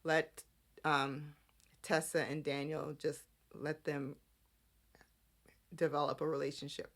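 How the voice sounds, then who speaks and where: Slow, low-voiced woman recapping soaps. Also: level tone. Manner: chatty, acts out characters' lines in quotes. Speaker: podcast host. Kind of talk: casual soap opera recap.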